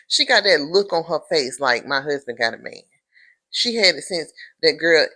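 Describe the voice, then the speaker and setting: A woman giving a casual recap of a TV episode, sassy and animated, calling the listener honey and girl, and jumping into high-pitched impressions of the characters. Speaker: TV episode reviewer.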